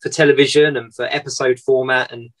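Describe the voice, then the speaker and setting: A man hosts an interview. He speaks in a measured, thoughtful way and reaches for fillers as he builds his questions. His voice sits at an ordinary middle pitch. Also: flat delivery, fairly bright tone, rough recording. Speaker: interviewer host. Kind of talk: casual interview.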